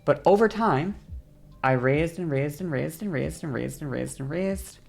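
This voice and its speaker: A woman's voice: low-pitched, measured pace, gravelly, darkish tone. A woman streamer casually explaining, demonstrating by sliding her voice up and down, rambling and correcting herself as she goes. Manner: rambling, self-correcting, laughs often.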